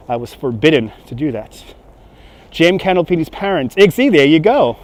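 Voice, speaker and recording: This time his slightly high voice sounds expressive and brisk. The man, lightly New York-accented, chats with his livestream audience's comments while touring city streets outdoors, filming on a gimbal-mounted handheld phone.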